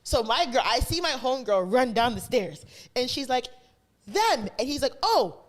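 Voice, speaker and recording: With a voice that sits high and a normal pace, this woman co-hosts a podcast. She relates a story in relaxed chat, performing the dialogue through lively quoted exchanges.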